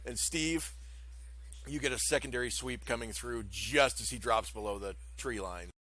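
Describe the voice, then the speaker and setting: A man's voice: mid-range voice, moderate pace, bright, forceful tone. A man narrating as game master of a tabletop game, rambling with fillers and frequent laughter.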